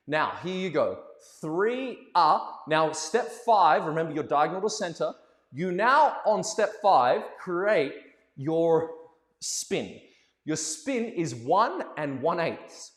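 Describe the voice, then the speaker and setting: A man teaching a live ballroom dance lesson, playful and animated, joking in asides and counting the beats aloud. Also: on the high side, slow pace. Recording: echoey room with long reverb.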